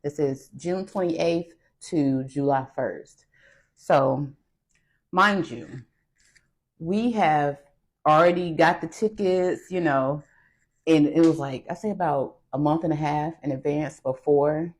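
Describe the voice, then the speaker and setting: Low-voiced woman, slow and meandering. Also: a little mellow. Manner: unhurried, meandering, fills pauses with "you know" and "right?". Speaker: storyteller. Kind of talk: casual storytime.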